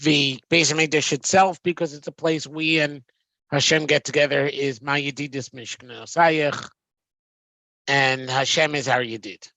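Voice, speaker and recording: A man's voice: on the high side, fairly even intonation, moderate pace, bright, forceful tone, no echo. A man teaching a text study, reading Hebrew phrases and translating them with frequent ums and restarts. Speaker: Torah teacher.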